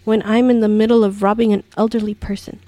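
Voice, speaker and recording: A woman mimicking an indignant, entitled male robber in a slow mocking voice. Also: medium pitch, level tone, warm tone, dry recording, close to an everyday voice.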